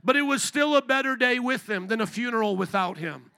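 High, bright-voiced preaching pastor. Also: male voice, lively intonation, a little fast. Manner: fervent preaching with rhetorical questions and repetition. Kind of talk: sermon. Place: church service.

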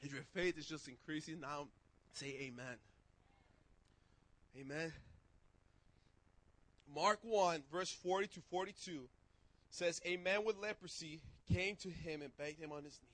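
A man preaching a sermon and telling testimony stories in casual slang, getting excited and shouting as he goes. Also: a little high, unhurried, pauses often, low-quality recording. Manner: excitable, shouts when worked up; casual street slang, restarts.

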